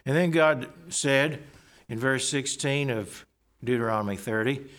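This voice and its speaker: Guy giving a sermon, mid-pitched voice, slow and careful, explains each verse. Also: fairly bright tone. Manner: measured, explanatory, reads scripture aloud. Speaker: preacher.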